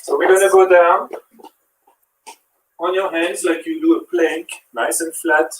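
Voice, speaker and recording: A man's voice: fairly high pitch, steady tone, measured pace, echoey room, distant mic, a little hiss or hum, rough recording. A man with a French accent, a fitness instructor who counts reps and coaches while he exercises. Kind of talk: live workout demonstration.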